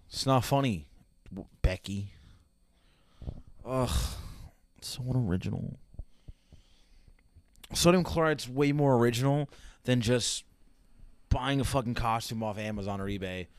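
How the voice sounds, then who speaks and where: A man's voice: medium pitch, darkish tone, no echo. Young male reactor, snarky and foul-mouthed, rambly asides, dry close sound. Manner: sarcastic, heavy swearing, rambling asides. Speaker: reaction video host. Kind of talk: casual reaction commentary.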